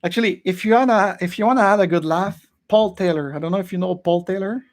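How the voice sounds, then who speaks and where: High-voiced man. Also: fast talker. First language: French. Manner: animated, chuckling, slips into French phrases. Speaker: podcast host. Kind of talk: casual group chat. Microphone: video call.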